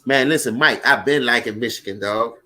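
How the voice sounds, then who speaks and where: A Louisiana man with a New Orleans accent talks briskly in a mid-range voice while hosting a relaxed live sports stream. He reacts to the game loudly, swearing, and keeps up a conversation with viewers.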